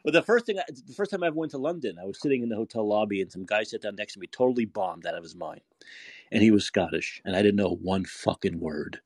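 A man's voice: on the low side, lively intonation, fast talker, husky, no echo. An American man with a New York accent, hosting a podcast and chatting in a rambling, repetitive way. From United States. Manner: chatty, rambling, repeats himself. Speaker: podcast host. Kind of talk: casual podcast chat.

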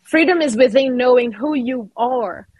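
A woman's voice: sits high, unhurried, husky, dry recording. A woman from Brazil with a Brazilian accent, speaking as a guest in a casual podcast interview, passionate and emphatic, restarting her phrases often. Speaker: guest, artist and actor.

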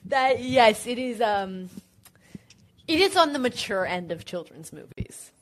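A woman improvising comedy, pitching a film with earnest deadpan and hesitant fillers. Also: a little slow.

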